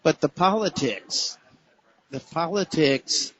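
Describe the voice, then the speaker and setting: Co-host, man, mid pitch, very slow and deliberate, lo-fi radio sound. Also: fairly bright tone. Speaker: newspaper co-host. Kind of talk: radio interview questions. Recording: dull lo-fi radio broadcast.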